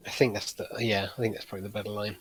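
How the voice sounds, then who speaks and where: A man's voice: fairly low pitch, flat delivery, very fast, music in the background. A man chatting casually as a co-player on a stream, giving short, laid-back advice on card game plays. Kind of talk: casual chat.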